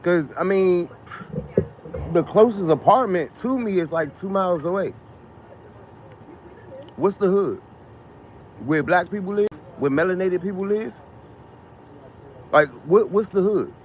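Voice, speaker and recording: A man's voice: high voice, a little slow, pauses often. A man ranting casually on a live stream, repeating himself, firing off rhetorical questions and swearing freely. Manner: emphatic, repetitive, rhetorical questions, profane. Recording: muffled lo-fi sound with faint noise.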